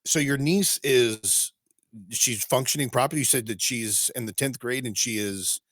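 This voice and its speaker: A man's voice: mid-range voice, a bit bright, no echo, clean studio sound. A man from Kentucky hosting a casual podcast chat, asking questions eagerly and stumbling over restarts. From Eastern Kentucky. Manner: quick, stumbling restarts, enthusiastic. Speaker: podcast host.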